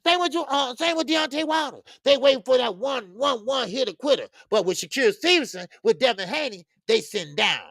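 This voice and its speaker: Gravelly, animated boxing show host. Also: male voice, very high voice, a little fast, few pauses, dry recording, studio quality. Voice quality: loud, animated, profane, repeats himself. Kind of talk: casual live-stream commentary, reading chat.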